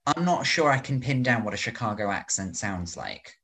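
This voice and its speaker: A man's voice: fairly low pitch, expressive, normal speed, pushed and bright. A man co-hosting a podcast, chatting loosely with lots of "like" and jokey reactions. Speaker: podcast co-host. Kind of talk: casual chat.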